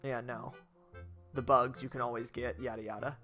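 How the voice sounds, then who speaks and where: A man's voice: mid-range voice, flat delivery, moderate pace, bright, forceful tone, soft background music. A man giving casual gameplay commentary as a streamer, rambling and blunt, swearing freely.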